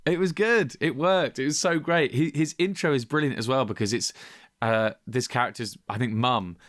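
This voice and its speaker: A man's voice: mid-range voice, moderate pace, no room sound, studio quality. A man co-hosting a film podcast, chatting casually and acting out scenes. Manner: animated, acts out scenes in voices. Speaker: podcast co-host. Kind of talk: casual film-review chat.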